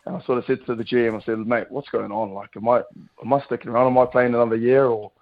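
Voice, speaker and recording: A man's voice: mid-range voice, level tone, fast, narrow, tinny audio. A man in his thirties with a New Zealand accent, chatting casually as a radio guest with plenty of fillers. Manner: laid-back, chatty, lots of fillers. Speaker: guest rugby player.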